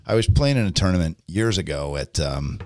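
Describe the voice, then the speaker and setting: Deep gravelly man telling a rambling story. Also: animated, moderate pace, no echo, studio quality. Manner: rambling, frequent ums and restarts. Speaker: podcast host. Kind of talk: casual storytelling monologue.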